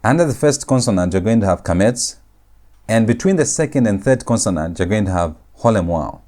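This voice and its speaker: A man teaching a recorded grammar lecture, speaking slowly and deliberately and repeating words and phrases for emphasis. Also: on the low side, expressive, a little mellow.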